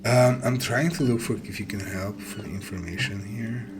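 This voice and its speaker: A man narrating as game master of a tabletop game, with a halting delivery that often repeats words as he describes the scene. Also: lowish voice, very noisy.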